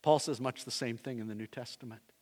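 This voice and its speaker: A man preaching a sermon as pastor, swinging between loud emphasis and hushed, low phrases. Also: brisk. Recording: long hall reverb.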